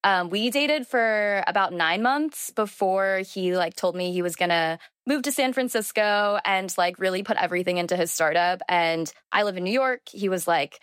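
A young woman journalist talks through an interview in a loose, chatty way, full of "um" and "like." Her voice sits a little low, and the recording is dry and close. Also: moderate pace, fairly bright tone, smooth, no echo. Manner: chatty, lots of filler words and "like". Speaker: journalist guest. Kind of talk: conversational interview.

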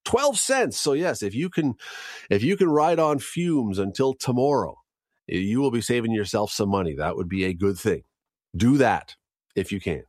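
A man's voice: lowish voice, animated, normal speed, a little mellow, dry recording, studio quality. A man hosting a radio segment, reading news and on-this-day trivia in a casual, chatty way with wry asides. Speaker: radio host.

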